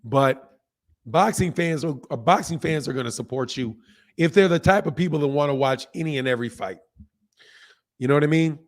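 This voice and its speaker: Livestream boxing host, hoarse man, a bit high-pitched, talks straight at chat and repeats himself. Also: brisk. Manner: reads out chat comments. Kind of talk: casual livestream commentary.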